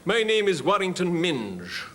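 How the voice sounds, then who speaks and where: A pompous old English touring actor, as a man puts him on, talks in grand, flowery phrases. The voice is pushed up higher and louder than a normal speaking voice. A faint hiss from a 1970s television studio recording sits underneath. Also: sing-song, unhurried. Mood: grandiloquent.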